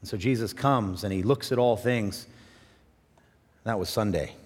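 A man pastor preaching a sermon with passion, swinging from loud, rising bursts to quiet, low drops. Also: unhurried. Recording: long reverb in a large hall.

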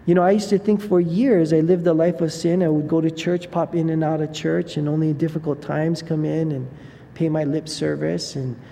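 A man preaching a sermon, his voice slightly high but very dark and mellow, with a gravelly fry. He talks in a loose, conversational way, full of "you know" asides and restarts. The sound rings with a long hall reverb over faint background noise.

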